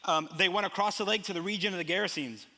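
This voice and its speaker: Lively young pastor in a big reverberant hall. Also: male voice, sits high, quick pace. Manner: animated storytelling with acted asides. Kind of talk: sermon. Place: large church hall.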